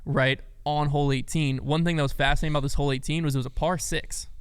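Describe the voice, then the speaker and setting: A man co-hosting a podcast in a quick, upbeat, chatty way. His voice sits a little high and comes across smooth and clear. The studio mic gives a dry, close sound. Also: fairly even intonation, no room sound. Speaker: podcast co-host. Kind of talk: casual chat and read sponsor ad.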